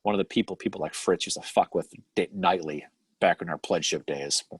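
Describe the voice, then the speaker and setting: A man's voice: deep voice, a little fast, breathy edge, no echo. A middle-aged man from the Boston area with a Boston accent, co-hosting a casual live stream, rambling through old memories, swearing freely and laughing often. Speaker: podcast co-host.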